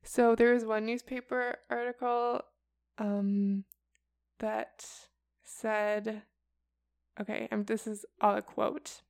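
Chatty young woman with a gravelly edge. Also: fairly high pitch, flat delivery, slow pace, darkish tone, no echo. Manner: chatty and casual, heavy with fillers like "like" and "um". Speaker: podcast co-host presenting a report. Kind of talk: casual chat.

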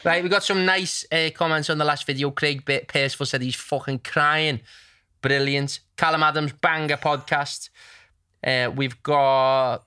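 A man's voice: on the high side, steady tone, a little slow, pushed and bright, clean tone. A man co-hosting a podcast in casual chat, bantering, teasing and laughing often. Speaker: podcast co-host.

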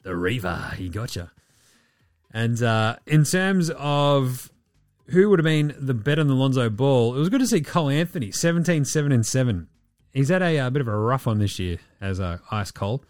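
A man's voice: medium pitch, big pitch swings, normal speed, darkish tone, no room sound. A man hosts a casual sports podcast, blunt and joking, swearing as he goes. His voice sits mid-range and is recorded close and dry, with faint music underneath. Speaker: podcast host.

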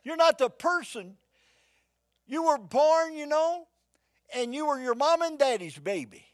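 Folksy older male preacher, lively pitch. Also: unhurried, dry recording. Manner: folksy, swings from shouting to hushed storytelling. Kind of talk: sermon. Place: church before a live congregation.

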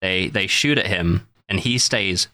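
Very deep, bright-toned man. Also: a little slow, dry recording, studio quality. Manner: emphatic, swears, laughs easily. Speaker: podcast co-host. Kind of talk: casual chat.

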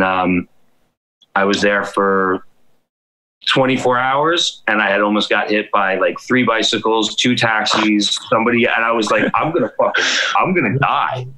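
Bright-voiced man telling rambling stories. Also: on the low side, low-quality recording. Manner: rambling, profane anecdotes with acted quotes. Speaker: guest storyteller. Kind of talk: casual podcast chat.

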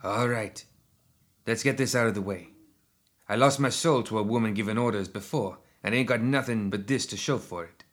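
Gruff, profane, hot-headed male fighter, voiced by the narrator; low and rough. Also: normal speed, a bit bright. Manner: snapping, profane. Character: gruff, crude male hybrid fighter, short-tempered.

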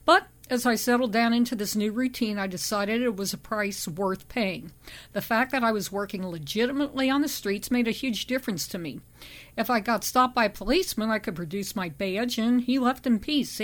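A woman narrating a first-person memoir audiobook in a steady, measured reading voice. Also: medium pitch.

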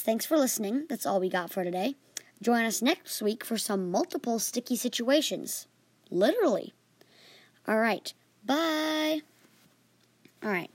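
A woman's voice: mid-range voice, darkish tone, dry recording. A female podcast host reading her own fantasy adventure story in an earnest way, with small slips.

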